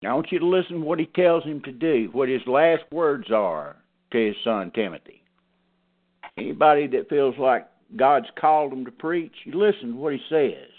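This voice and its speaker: A man's voice: mid-range voice, expressive, moderate pace. A man preaching in a folksy, emphatic way, repeating his key phrases and calling on a brother to read. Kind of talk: sermon teaching. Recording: phone-like narrow band.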